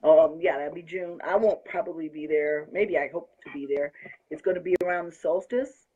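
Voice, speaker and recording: Host: woman, husky, effusive and gushing, slightly muffled lo-fi sound. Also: deep voice, moderate pace, mellow. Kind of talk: excited casual chat.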